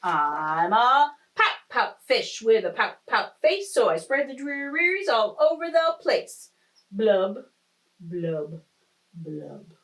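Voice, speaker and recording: A woman's voice: mid-range voice, big pitch swings. Woman doing a gloomy, droning pout fish. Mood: glum chant. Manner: slow, drawn-out sing-song chant. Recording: distant mic.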